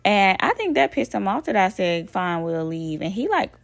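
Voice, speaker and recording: A woman from Alabama, telling a personal story in a casual, animated way, swearing and addressing listeners as y'all. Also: mid-range voice, normal speed, vocal fry, no echo. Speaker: vlogger.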